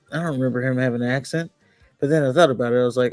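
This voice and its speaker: A man's voice: mid-range voice, dry recording, faint music behind. Easygoing laughing male podcast co-host. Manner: easygoing, quick to laugh and agree. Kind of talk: casual chat.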